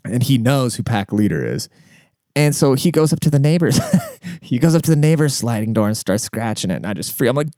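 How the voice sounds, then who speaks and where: Male podcast host, loose profane storytelling, smooth clear tone, close and dry. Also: medium pitch, very animated, fairly quick, warm tone, no echo. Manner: rambling, profane, with frequent fillers and asides. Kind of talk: casual monologue. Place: outdoors.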